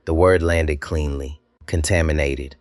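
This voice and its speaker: A man narrating a dramatic scripted story, measured and slow, with deliberate pauses. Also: deep voice, no echo, clean studio sound.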